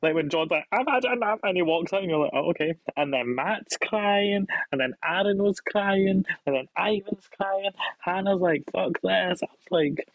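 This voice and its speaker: A man's voice: high voice, moderate pace, no echo, lo-fi sound. Playful man, dry close sound. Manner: playful, animated retelling with put-on quotes. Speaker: guest co-host. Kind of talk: casual chat.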